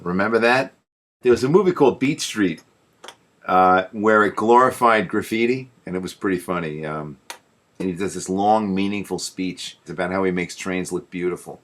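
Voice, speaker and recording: A man hosting a casual show, telling comic stories in an animated way and laughing at his own jokes. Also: low-pitched, moderate pace. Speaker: show host. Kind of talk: casual comedic storytelling.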